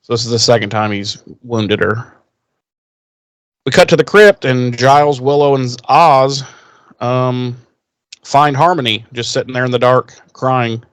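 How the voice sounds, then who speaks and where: A man's voice: mid-range voice, measured pace, clear, resonant tone, dry recording. Profane man recapping a TV episode. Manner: profane, animated retelling with acted quotes. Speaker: podcast co-host. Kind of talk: casual chat recapping a TV episode.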